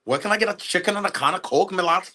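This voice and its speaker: A man voicing a gruff, cheeky young Scottish lad with exaggerated put-on slang. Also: high-pitched, fast talker, pushed and bright, voice pushed up, full character voice.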